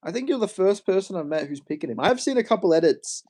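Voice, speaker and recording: A man's voice: sits high, lively intonation, quick pace, warm tone. A young Australian man on a casual livestream, joking, swearing freely and answering his chat. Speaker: MMA streamer.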